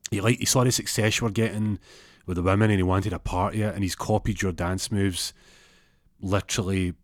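Man as a level, blunt young lad, low voice. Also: fairly even intonation, fairly quick, dry recording, studio quality, natural voice. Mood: matter-of-fact. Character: matter-of-fact young male mate bearing bad news.

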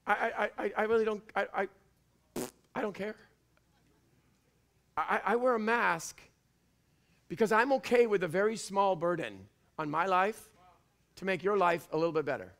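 A man from Canada with a Canadian accent, preaching a fiery sermon in church and often shouting. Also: sits high, moderate pace, pauses often. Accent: Canadian English. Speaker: pastor. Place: church before a congregation.

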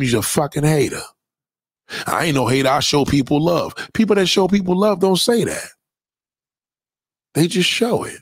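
A man's voice: a little high, dry recording, studio quality. A man delivering a profane, preachy rant straight at his audience. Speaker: commentator. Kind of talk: impassioned monologue rant.

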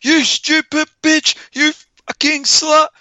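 A man voicing a possessed male killer doll, shrieking in a high, harsh voice. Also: level tone, takes it slowly, sharp tone, no room sound, highs cut off, full character voice. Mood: snarling.

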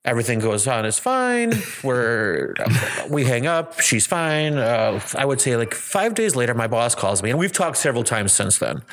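A man telling a story on a casual podcast, animated and swearing, acting out what people said. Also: mid-range voice, normal speed, hardly any pauses, a little hiss or hum. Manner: animated, swearing, acts out quotes.

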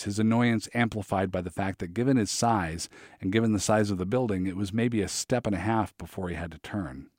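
A man narrating his memoir in a measured, reflective way. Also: fairly low pitch, a little mellow, dry recording, clean studio sound.

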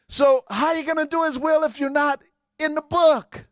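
A middle-aged man preaching with a high, ringing voice. He calls to the congregation for amens and punches certain words with sudden shouts. The sound is close and dry, with no room echo. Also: fairly even intonation, moderate pace. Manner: call-and-response preaching, sudden shouted emphasis. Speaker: pastor. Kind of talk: sermon.

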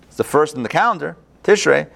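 A man teaching a live online class as a rabbi, lively and chatty, often thinking aloud and restarting his sentences, on a video call. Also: on the high side, brisk, gravelly.

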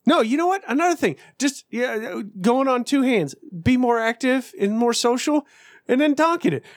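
Excitable swearing man in his thirties. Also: very high voice, moderate pace, no room sound, studio quality. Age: 30s. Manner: excitable, swearing-heavy ranting. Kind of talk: casual chat.

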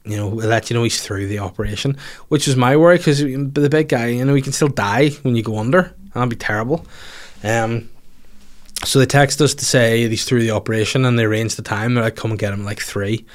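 A man's voice: mid-range voice, brisk. A man telling a long, rambling story in casual chat, swearing and laughing at himself as he goes.

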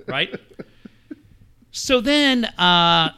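A middle-aged man telling a story in casual chat, animated and swearing often. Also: on the high side, measured pace, pauses often, background noise. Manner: animated, swears often, acts out quoted shouts. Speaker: show regular telling a story.

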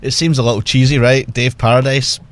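A man's voice: mid-range voice, steady tone, a little fast. A man telling casual stories as a guest on a podcast, often laughing as he talks. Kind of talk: casual storytelling.

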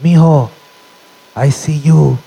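A comedian voicing his elderly grandfather, a doting, insistent old man who calls out in a thin, drawn-out voice. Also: fairly even intonation, vocal fry, mellow, husky, heavily acted, low-quality recording. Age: older. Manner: high, thin, drawn-out calling voice.

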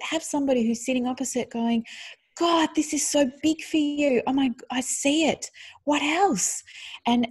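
A woman co-hosting a podcast in casual chat, animated and laughing often as she tells stories about parenting. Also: mid-range voice, slightly rough. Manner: animated storyteller, acts out quotes, laughs often.

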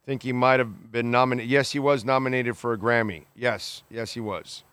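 A man's voice: mid-range voice, fairly even intonation, a bit bright, clean tone, no room sound. A man hosting a podcast, reading listener comments and reacting in blunt, exasperated casual chat, swearing freely and restarting his sentences. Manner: halting restarts, many fillers.

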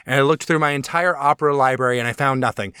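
A man in the middle pitch range chats on a podcast in an enthusiastic, rambling way. He trips over his words, restarts his sentences and fills the gaps with "uh" and "like". The recording is dry and close, with no room sound at all. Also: fast talker, pushed and bright, clear, resonant tone, no echo. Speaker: podcast co-host. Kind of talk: casual chat.

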